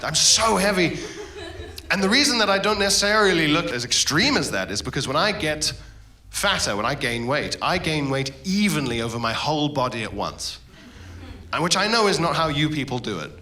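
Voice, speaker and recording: A man's voice: on the high side, big pitch swings, fairly quick, pushed and bright. A man performing stand-up, dry and self-mocking, with vivid comic images. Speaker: stand-up comedian. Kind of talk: stand-up set. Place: comedy club stage with audience. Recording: roomy live club recording with laughter.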